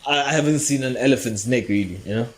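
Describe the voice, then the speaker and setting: A man's voice: mid-range voice, quick pace. A man hosting a comedy podcast, telling a rambling, profane story and laughing often. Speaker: podcast host.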